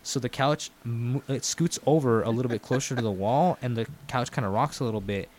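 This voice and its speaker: A man's voice: medium pitch, brisk. A young man, a podcast guest, telling a story in casual talk, swearing a lot and acting out what people said. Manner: animated, heavy swearing, acts out quoted dialogue.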